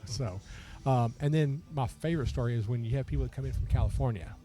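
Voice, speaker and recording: A man hosting a podcast, telling stories in a relaxed, chatty way and laughing often. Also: medium pitch, fast talker, soft background music. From Texas. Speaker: podcast host. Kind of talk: casual chat.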